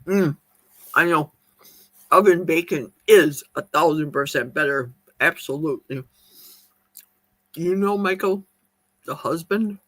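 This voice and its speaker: A woman's voice: low voice, a little slow, long pauses, fairly bright tone, no room sound. A woman chatting casually on a live stream, eating as she talks and reading viewer comments aloud in her kitchen. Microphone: streaming mic.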